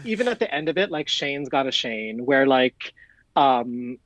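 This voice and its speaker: A man's voice: mid-range voice, big pitch swings, measured pace, fairly bright tone, dry recording, highs cut off. A man on a podcast panel in a casual chat, talking in a wry, joking way.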